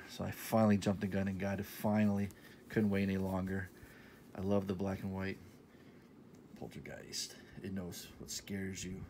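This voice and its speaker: Low-voiced man in an upbeat haul vlog. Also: a little hiss or hum. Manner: enthusiastic, repeats himself, sometimes drops to a soft half-whisper. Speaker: vlogger showing a shopping haul.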